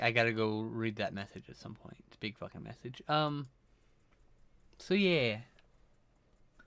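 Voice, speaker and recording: A man's voice: medium pitch, a bit bright, smooth, dry recording. A man chatting casually on a live stream, rambling and swearing a little while talking to his chat, sleepy and yawning.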